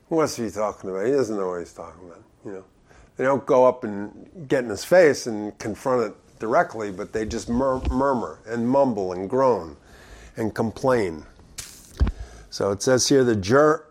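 Man teaching through a Bible passage. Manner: reads scripture aloud then explains it conversationally; shifts between loud emphatic stress and low quiet asides. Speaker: preacher.

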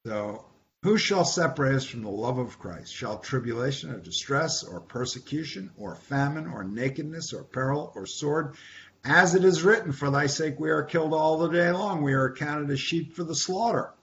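Leading an informal Bible study, a man teaches in a conversational way, repeating words and putting questions to the group. His voice is fairly high, expressive and fairly bright at a normal speed, captured in a dull lo-fi recording with faint hiss.

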